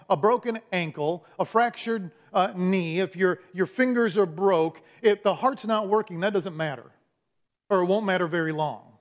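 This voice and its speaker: A man preaching a sermon with a fairly high voice for a man. He speaks in a folksy, storytelling way and leans on humor to make his point to the congregation. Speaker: pastor.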